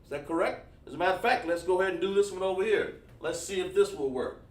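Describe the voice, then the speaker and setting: A man's voice: high-pitched, fast talker. A man teaching an online lesson, coaxing students with repeated questions. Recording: echoey room, far from mic.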